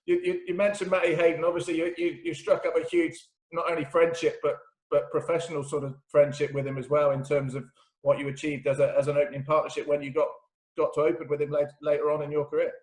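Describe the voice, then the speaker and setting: Male interviewer, quick and a little high-pitched, stumbling questions; echoey room. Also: level tone, a little mellow. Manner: quick, friendly, stumbling questions with repeated words. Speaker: club interviewer.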